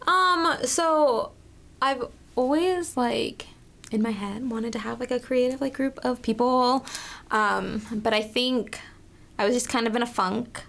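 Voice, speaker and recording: A woman's voice: fairly high pitch, unhurried, vocal fry, a bit bright. A young woman being interviewed in casual chat, bubbly and emotional, her stories full of "like" and quoted asides. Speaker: interview guest, makeup artist.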